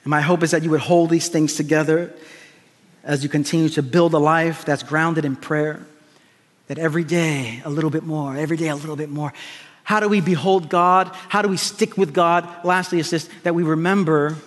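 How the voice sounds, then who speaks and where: A man with a high voice delivers a sermon to his congregation in a large hall with a long, echoing reverb. He preaches emphatically, doubling back on his phrases and throwing quick asides to the people in front of him. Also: steady tone. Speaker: pastor.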